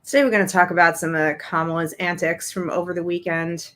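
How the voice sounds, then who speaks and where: A woman's voice: on the low side, flat delivery, brisk, a bit bright. A woman from Brooklyn hosting a political commentary show, blunt and sarcastic in a conversational way. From Brooklyn, New York, USA. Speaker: host.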